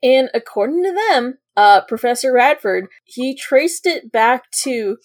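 A woman's voice: on the high side, animated, unhurried, no room sound. A woman hosting a casual podcast, chatting and reading news reports and quotes aloud. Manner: conversational, reads quotes in a put-on official voice. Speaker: podcast host.

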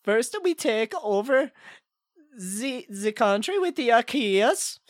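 A man voicing a bumbling, scheming Swedish man in a put-on Swedish accent and broken, halting English. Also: very high voice, animated, no room sound, clean studio sound, voice pushed down, full character voice. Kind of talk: comedic improvised call-in character.

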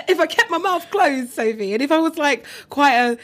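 A woman comedian, a podcast guest, telling a chatty, animated comic anecdote. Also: sits high, normal speed. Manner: lively, chatty storytelling.

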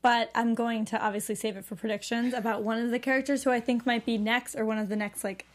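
An animated woman chatting on a fan after-show panel. Her voice sits a little high, and she talks casually, often dropping into playful impressions of the characters. She sounds as if she is on a studio mic. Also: fast. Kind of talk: casual chat.

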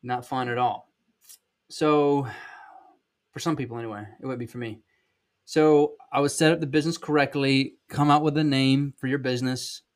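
A man's voice: mid-range voice, steady tone, moderate pace. Blunt Southern man in his thirties. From South Georgia, USA. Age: 30s. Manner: blunt, folksy, emphatic, with many ums and restarts. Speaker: podcast host and sales trainer. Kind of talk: casual podcast monologue.

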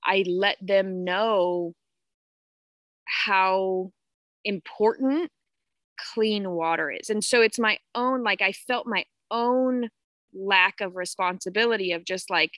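A woman's voice: mid-range voice, slow, a bit bright, no echo. A woman in her thirties talking candidly about parenting and spirituality, swearing freely and greeting viewers as she goes. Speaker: podcast host. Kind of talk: casual spiritual live talk.

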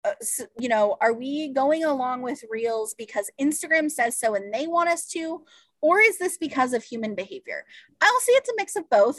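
Woman podcast host, high and very lively, casual and laughing, dry booth. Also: no echo. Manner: laughs often, expressive. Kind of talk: casual chat.

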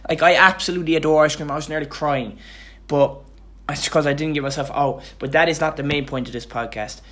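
A young man talks alone into his podcast mic, tired and loosely rambling. His voice sits at an ordinary middle pitch, and he starts sentences over and throws in casual swearing as he goes. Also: a bit bright. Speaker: podcast host. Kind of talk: casual motivational monologue.

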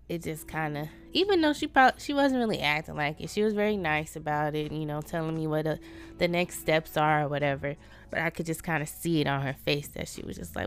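A woman's voice: lowish voice, expressive, moderate pace, clear, resonant tone, faint music behind. Cussing, self-mocking woman podcaster. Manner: profane, self-deprecating venting. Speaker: podcast host. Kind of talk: casual solo podcast monologue.

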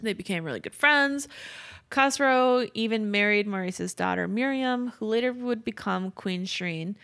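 A woman's voice: medium pitch, normal speed, creaky, fairly bright tone. A young woman casually retelling a stretch of history for a podcast, rambling, swearing and correcting herself as she goes. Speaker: podcast host telling history. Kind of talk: casual storytelling chat.

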